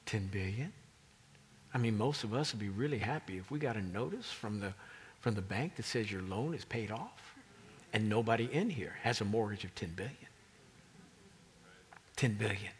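A man's voice: lowish voice, animated, fairly quick, slight background noise. A male pastor preaching a sermon as a dramatic storyteller, often dropping into whispers for emphasis.

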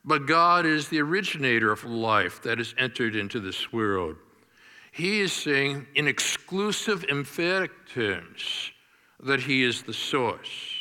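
A pastor delivering a sermon in a deliberate, emphatic manner, stressing key words. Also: male voice, medium pitch, expressive, pushed and bright, big-room sound.

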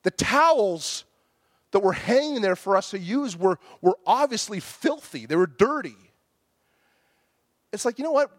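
Preacher guy, kinda high voice, dry close sound, gets loud then drops soft telling his story. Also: measured pace, pauses often, dry recording. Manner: animated storytelling, acts out his own outbursts. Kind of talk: storytelling sermon.

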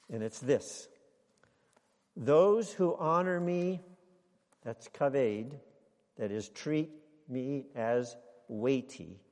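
A man preaching a sermon to a congregation, speaking deliberately and building to emphatic exclamations. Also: medium pitch, warm tone, long reverb tail. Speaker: pastor.

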